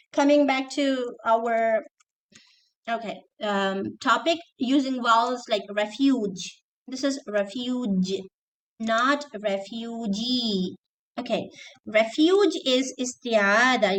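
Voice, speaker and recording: A woman's voice: on the high side, slow, low-quality recording. Woman teacher giving an online lesson. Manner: explanatory, checks with "okay?", mixes in Arabic terms. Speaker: teacher trainer.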